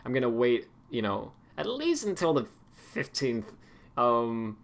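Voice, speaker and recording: A man's voice: mid-range voice, huge pitch swings, unhurried, gravelly. A man streaming, chatting casually and rambling with lots of fillers and restarts.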